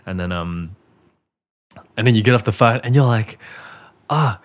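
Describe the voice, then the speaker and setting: A man in casual chat, telling a story in an animated way and swearing freely. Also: on the low side, normal speed.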